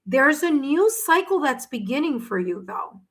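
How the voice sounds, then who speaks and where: A woman's voice: high-pitched, sing-song, measured pace, rough recording. A woman giving a paid tarot reading on a live stream, speaking to the viewer directly in a soothing, reassuring way while she has the hiccups. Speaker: tarot reader.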